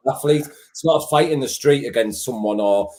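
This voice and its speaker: A man's voice: mid-range voice, brisk, background noise. Man, British accent, interviewer, blunt, swearing, casual. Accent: British English. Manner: blunt, swears freely, leading questions.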